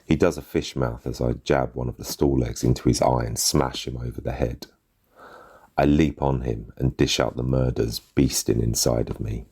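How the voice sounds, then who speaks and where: A man reads a gritty short story in the first person, his voice sitting very low in the chest. The tone is husky and breathy, and the telling stays bitter and blunt in street slang. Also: fairly even intonation, normal speed, dark tone. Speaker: narrator.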